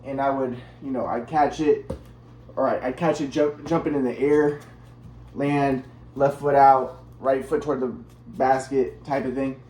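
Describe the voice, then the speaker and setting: A man's voice: mid-range voice, steady tone, a little slow, dark tone, roomy sound, slight background noise. A man telling a personal story in a casual, rambling monologue, repeating himself while demonstrating moves.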